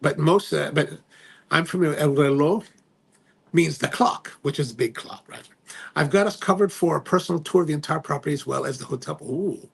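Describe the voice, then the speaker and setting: A man hosts a live stream with a husky, creaky voice on the high side, speaking briskly. He chats casually, reads viewer comments aloud, and rambles, often trailing off and restarting.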